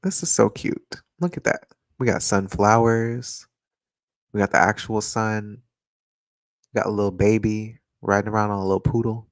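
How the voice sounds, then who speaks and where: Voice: medium pitch, normal speed, no room sound. A person giving casual astrology and tarot readings on a live stream, chatty and playful, talking close to a microphone. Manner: playful, chatty, laughs often. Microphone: desk microphone, close.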